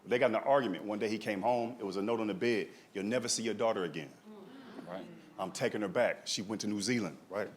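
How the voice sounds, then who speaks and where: A young man doing stand-up, telling a family story in a lively way and tagging his lines with "right?" and "dog". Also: lowish voice, fast. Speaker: stand-up comedian. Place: comedy stage.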